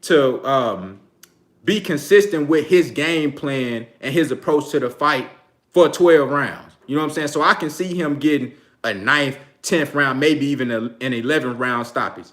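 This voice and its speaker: A man's voice: mid-range voice, moderate pace, fairly bright tone. A man with a Texan accent hosting a casual livestream about boxing, slangy and loose, laughing often. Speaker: boxing channel host.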